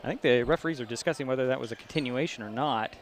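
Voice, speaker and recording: Man calling high school basketball. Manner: brisk, chatty, rises at big plays. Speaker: play-by-play announcer. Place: school gym. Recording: gym noise behind broadcast mic.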